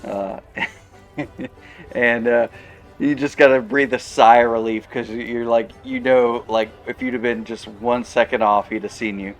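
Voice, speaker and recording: A male game master describes the scene at an unhurried pace. He stumbles through his sentences with fillers and small laughs, keeping an easygoing flow. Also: medium pitch, steady tone, faint music behind. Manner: halting, with many fillers and light laughs. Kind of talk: narrating a tabletop game.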